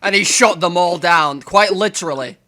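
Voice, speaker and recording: A man with a high, bright voice jumps into the banter with quick quips. He chats with friends on a podcast and laughs along. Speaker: podcast co-host. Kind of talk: casual joking chat.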